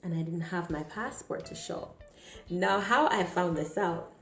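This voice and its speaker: A woman vlogger telling a dramatic personal story in an animated way, often stammering. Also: fairly low pitch, normal speed. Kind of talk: storytime vlog. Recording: echoey room, faint music.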